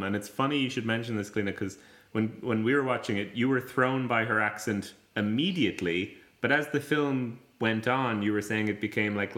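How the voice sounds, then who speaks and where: A man's voice: mid-range voice, bright, forceful tone, echoey room. A man hosting a film podcast in casual chat, rambling with fillers and restarts. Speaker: podcast host.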